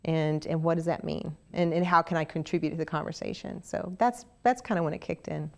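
A middle-aged woman with a Southern Oklahoma accent tells stories in a relaxed interview. Her voice sits on the lower side, and she talks in an animated, chatty way with frequent restarts and fillers. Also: brisk, vocal fry. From Oklahoma, USA. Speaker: interview guest, actress. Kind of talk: casual interview storytelling.

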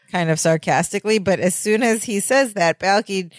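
A woman's voice: mid-range voice, no echo. Chatty woman podcast co-host. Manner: chatty, fillers and quick asides. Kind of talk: casual chat recapping a sitcom episode.

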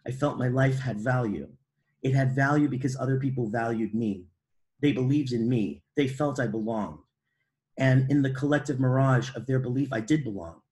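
A middle-aged man from Brooklyn, reading aloud from his own memoir in a measured, wry, precise way. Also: mid-range voice, a little mellow. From Brooklyn, New York.

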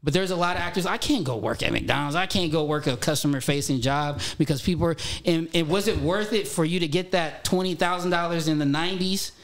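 A man in his thirties, a podcast guest, talking in animated casual chat and swearing freely. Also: a little high, fairly quick, hardly any pauses. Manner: animated, swears casually, frequent "you know". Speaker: podcast guest, former child actor.

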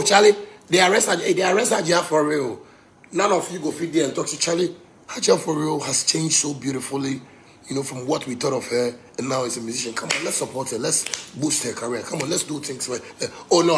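A man with a high-pitched voice and a Ghanaian Pidgin English accent rants at length. He circles back over the same phrases and swings between loud outbursts and quieter asides. He has the passionate, preachy delivery of a self-styled pastor. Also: a little hiss or hum. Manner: animated, rambling, repeats phrases, swings loud and soft. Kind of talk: impassioned rant.

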